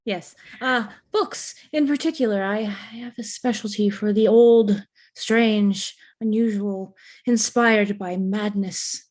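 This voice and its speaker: A woman's voice: medium pitch, slow, hardly any pauses, a little mellow. Woman playing a stammering, pompous male antiquarian. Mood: haughty. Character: fussy bookish male antiquarian. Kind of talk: tabletop role-play in character.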